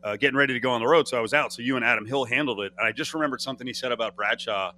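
A man hosting a sports talk radio show, telling stories in a lively, animated way with quick restarts. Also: medium pitch.

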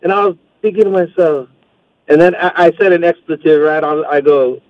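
A man's voice: on the high side, a little fast, no room sound. Male radio caller over a dull phone line. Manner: casual, storytelling, acts out voices. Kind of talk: telling a story on a call-in show.

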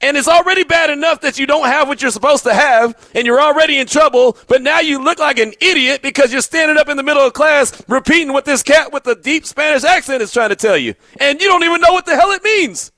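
A man hosting a sports radio talk show, telling stories in an animated way and often repeating words as he goes. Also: very high voice, fast talker, hardly any pauses, dry recording.

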